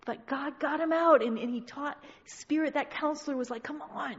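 A woman's voice: sits high, moderate pace. Fervent woman exhorting in an echoey hall. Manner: fervent, repeats phrases, stammers. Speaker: church member sharing with the congregation. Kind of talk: impassioned spontaneous exhortation. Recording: dull, echoey hall recording.

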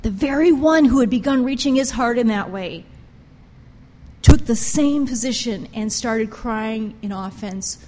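A woman preaching a sermon with passion, pressing her points hard and swinging between loud emphasis and quiet intensity. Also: a little high, measured pace, long reverb tail. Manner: impassioned, emphatic, rises and drops sharply in loudness.

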